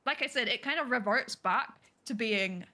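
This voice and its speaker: A woman's voice: on the high side, moderate pace, sharp tone. A woman with a Northern Irish accent, streaming and chatting casually, giggly and self-deprecating. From Northern Ireland. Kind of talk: casual chat.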